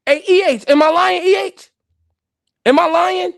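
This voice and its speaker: Male stream host, high voice, cracks up often, dry close sound. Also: a little slow, vocal fry, no echo. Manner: animated, laughing, profane banter. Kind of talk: live-stream boxing commentary.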